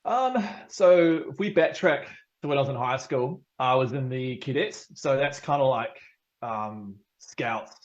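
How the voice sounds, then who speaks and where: A man's voice: medium pitch, a little slow, highs cut off. A man with a New Zealand accent chatting casually as a podcast guest, laughing often and filling gaps with ums. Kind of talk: casual chat.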